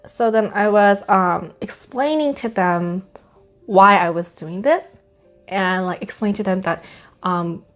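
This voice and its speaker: A young woman tells a personal story in casual chat, stopping often to restart her sentences. Her pitch sits in a middle range for a woman. She sounds unhurried and conversational. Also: faint music behind. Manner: hesitant, many fillers and restarts. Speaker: co-host of a church life vlog.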